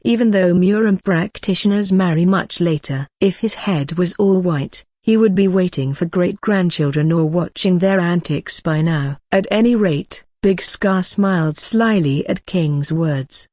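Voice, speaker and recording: A narrator reads an audiobook in an even, steady voice at a middle pitch. The recording is dry and close, with no room sound. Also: measured pace, few pauses, dry recording.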